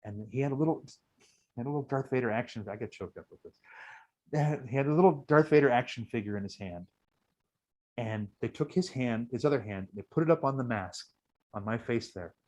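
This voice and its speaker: A man speaking as an interview guest in a relaxed, storytelling way. He circles back often with fillers and restarts. He gets choked up as he talks. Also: medium pitch, brisk, poor audio. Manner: emotional, many fillers and restarts. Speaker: guest, costume performer.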